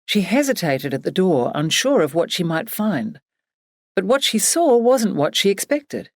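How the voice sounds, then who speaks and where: Lower-voiced woman narrating a story. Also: no echo, clean studio sound. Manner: measured, even storytelling. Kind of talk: scripted audiobook narration.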